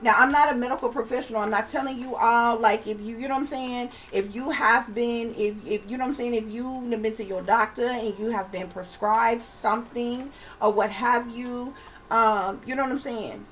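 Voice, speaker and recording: A woman's voice: fairly high pitch, fairly even intonation, moderate pace, a bit bright, a little hiss or hum, low-quality recording. A woman hosting her channel, ranting casually to viewers in an emphatic, profane, repetitive way and calling them y'all. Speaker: channel host and psychic reader. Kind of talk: casual rant to camera.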